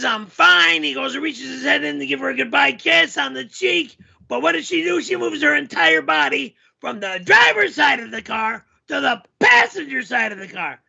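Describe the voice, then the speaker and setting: Casting: a man doing a shrill, gravelly, bright, yelling male storyteller character, crude and rambling, dull lo-fi stream audio. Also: full character voice.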